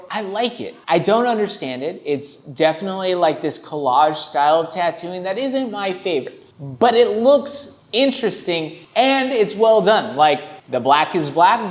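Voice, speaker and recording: A man hosting, giving blunt, profane, rambling commentary on tattoos. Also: high-pitched. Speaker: tattoo reaction host.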